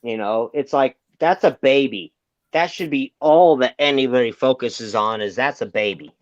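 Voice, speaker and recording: A man in casual chat, speaking calmly and reasoning things out. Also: medium pitch, moderate pace, dry recording. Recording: dull dry mic.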